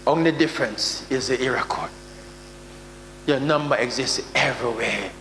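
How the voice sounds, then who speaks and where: A man with a Jamaican accent preaching a sermon, with sudden loud outbursts and mock prayers. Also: medium pitch, normal speed. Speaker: prophet preaching. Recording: echoey hall with faint hum.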